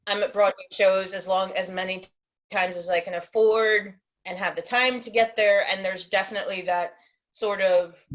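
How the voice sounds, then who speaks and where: A woman's voice: mid-range voice, steady tone, normal speed, a bit bright, lo-fi sound. A woman from New Jersey chatting as a panelist on a video call, with lots of fillers.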